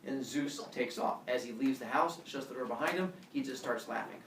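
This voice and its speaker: A male teacher telling a myth to his class in an animated way, with a camera across a classroom. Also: medium pitch, fairly quick, distant mic, a little hiss or hum. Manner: animated, acts out every voice. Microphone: camera across the room. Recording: roomy classroom heard from afar.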